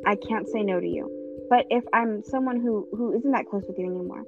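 A woman's voice: mid-range voice, fairly quick. A teenage girl co-hosting a casual chat, talking earnestly and rambling with many restarts. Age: teens. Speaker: co-host. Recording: tinny phone-like sound, background music.

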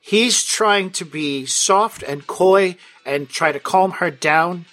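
A man with a fairly high voice narrates a tabletop game as its game master. His manner is playful and wry, and he often laughs between lines. Faint music plays behind him. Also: takes it slowly, a bit bright.

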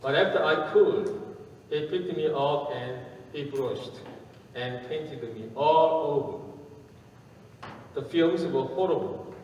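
A man preaching a sermon and telling a story, speaking haltingly with pauses and fillers, recorded from far off in an echoey hall. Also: on the high side, darkish tone, muffled recording, a little hiss or hum.

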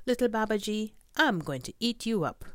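A woman voicing a boastful, hungry male tiger in a children's storybook reading, with a drawn-out growling manner. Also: mid-range voice, expressive, a bit bright, no echo, clean studio sound, voice pushed up, close to an everyday voice. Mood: menacing.

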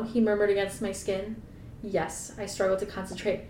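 A woman's voice: level tone, fairly quick, darkish tone. A woman podcast co-host reading a novel aloud, breaking off for playful, sarcastic jokes. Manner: playful, laughing, sarcastic asides. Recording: echoey room, mic at a distance, faint rumble.

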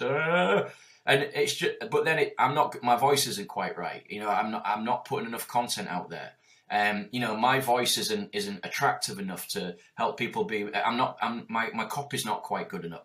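A middle-aged man with a Yorkshire accent, a business coach in casual podcast chat, animated and swearing as he acts out quoted voices. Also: fairly low pitch, normal speed. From Yorkshire, England.

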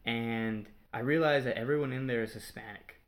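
A young man from Mexico, a guest in an interview, telling a personal story in a halting way with many fillers and restarts. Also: mid-range voice. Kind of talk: casual personal testimony.

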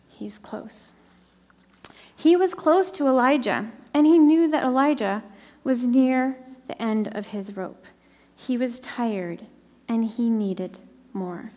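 A middle-aged woman preaching a sermon, slowing down and dropping to a soft whisper for emphasis. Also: high voice, big-room sound.

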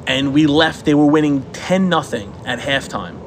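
A man in his forties co-hosts a podcast in a slightly high, animated voice at normal speed, with a little hiss or hum in the audio. In casual chat he tells rambling stories, swears a lot, and loudly acts out what people said.

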